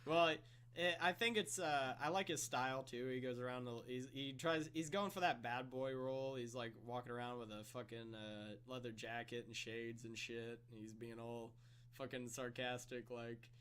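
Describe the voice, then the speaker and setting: A young man co-hosts a podcast, chatting casually with a friend in a room; he rambles, swears, stutters and laughs a lot. His voice is medium-pitched and a little bright, with fairly even intonation and a moderate pace. There's slight background noise.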